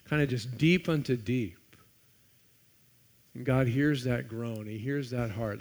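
A man preaching a sermon, reading scripture aloud and swinging between loud emphasis and hushed, quiet passages. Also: medium pitch. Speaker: pastor.

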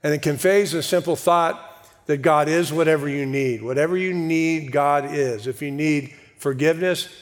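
A man preaching, his voice pitched a little higher than most men's. He reads scripture slowly and deliberately, with measured pauses before explaining it. His words ring out with a long reverb in a church hall. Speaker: pastor. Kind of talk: sermon.

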